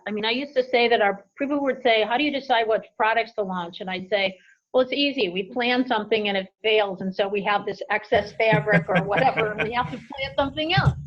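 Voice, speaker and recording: A woman running an apparel company, telling business stories in a conversational interview and acting out quoted voices along the way. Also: medium pitch. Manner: animated anecdotes with lively quoted voices. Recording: dull lo-fi audio.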